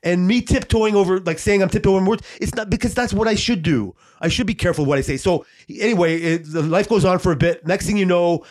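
A man's voice: sits high, brisk, few pauses, a little mellow. A man co-hosting a podcast, telling a long story in casual chat, rambling with lots of fillers and swearing. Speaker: podcast co-host.

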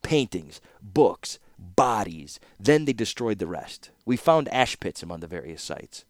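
A man's voice: on the low side, sing-song, measured pace, no echo, clean studio sound. A man reading an audiobook voices an impulsive, argumentative young scholar who talks in heated, emphatic bursts. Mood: insistent.

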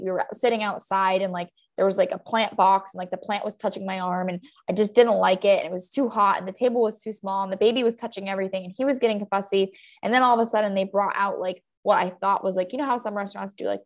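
A woman's voice: medium pitch, quick pace, few pauses. A woman in her thirties chats on her podcast, recorded at home under a blanket. She tells her story casually and brings it to life by acting out the voices of the people in it. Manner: animated storyteller, acts out quoted voices. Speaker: podcast co-host.

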